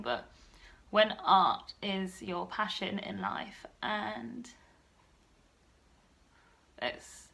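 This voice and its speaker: Woman, twenties, vocal fry, soft and nervous vlog talk. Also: medium pitch, unhurried. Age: 20s. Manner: soft-spoken and nervous, often hushed. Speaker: vlogger. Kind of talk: personal vlog.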